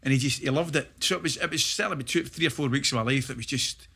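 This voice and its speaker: A middle-aged Scottish man, a former footballer, chatting as a podcast guest and telling stories with animated laughter. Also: medium pitch, racing, gravelly, slightly rough. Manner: animated storyteller, laughs through his stories. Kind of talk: casual podcast chat, anecdote telling.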